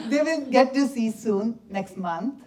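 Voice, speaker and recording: A young man from India, the subject of a film, answers audience questions after a screening in a cinema or festival hall, his very high voice picked up distantly, off-mic, over a noisy background. He tells lively stories in simple, broken English and laughs often.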